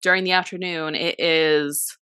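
A young woman co-hosting a podcast, telling stories in animated casual chat, swearing freely and saying "like" a lot. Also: deep voice, normal speed, clean tone, no echo, clean studio sound. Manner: animated storyteller, swears freely, heavy use of "like". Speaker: podcast co-host.

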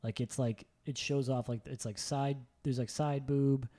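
A young man chatting casually and excitedly, rambling with lots of filler words and swearing. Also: mid-range voice, a little slow. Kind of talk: casual chat.

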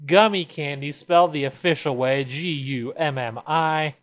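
A man with a voice a bit above the usual pitch talks through a snack tasting in a chatty, detailed way. He sounds amused and relaxed, with easy laughs. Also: moderate pace. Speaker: co-host. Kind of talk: casual podcast snack review.

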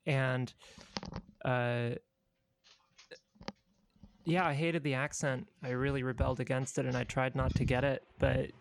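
A man from Utah co-hosting a podcast in casual chat, relaxed and reflective, halting with fillers. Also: mid-range voice, gravelly, slight background noise. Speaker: podcast co-host.

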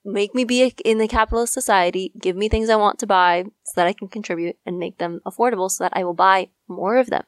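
A young woman chatting on a podcast, earnest and opinionated, with a ready laugh. Her voice sits at a medium pitch. The sound is dry, close to the mic. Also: fairly even intonation, fast talker, few pauses, no echo. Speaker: podcast co-host. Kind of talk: casual chat.

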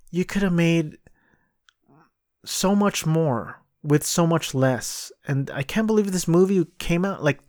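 A man's voice: on the high side, dry recording, studio quality. A man casually reviewing movies and plays on his own show, blunt and exasperated, repeating himself for emphasis. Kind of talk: casual solo review talk.

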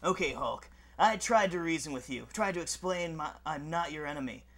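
A man's voice: a little high, fairly quick, a bit bright. A man reading a cocky young male superhero's taunting lines in a mock audition. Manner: quippy, taunting read.

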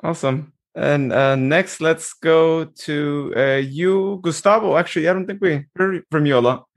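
A man hosts a casual online podcast, his voice sitting on the higher side for a man. He talks in a relaxed, halting way with plenty of fillers. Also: gravelly. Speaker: podcast host.

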